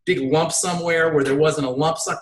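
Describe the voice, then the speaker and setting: A quick-talking man with a fairly high, bright, tense voice, guesting as a pharmacist. He tells jokes with a lively storyteller's flair, and his voice rings in a roomy, echoing space. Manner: joke-telling, lively storyteller. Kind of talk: casual interview chat.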